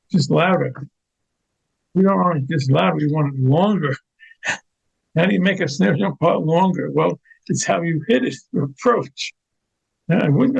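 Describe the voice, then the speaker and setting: A man's voice: fairly high pitch, vocal fry, darkish tone, slightly rough. An older man, an orchestral percussionist, explaining note markings as an interview guest, often repeating words as he demonstrates. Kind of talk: explaining, teaching. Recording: lo-fi, dull sound.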